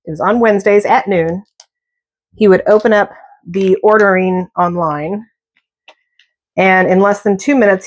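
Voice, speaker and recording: Chatty woman telling stories while cooking. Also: lowish voice. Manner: chatty storyteller, jokey asides. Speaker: cooking vlogger. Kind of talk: casual chat while cooking.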